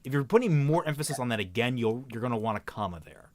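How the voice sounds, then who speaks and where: A man co-hosting a stream, reading fan writing aloud and critiquing it in halting, casual talk. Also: mid-range voice, dry recording. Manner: halting, many restarts, lively when reading quotes.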